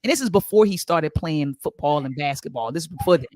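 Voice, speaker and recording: Animated middle-aged woman telling stories. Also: deep voice, fast talker, dry recording, clean studio sound. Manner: animated storytelling with quoted dialogue. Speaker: co-host. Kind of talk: casual podcast talk.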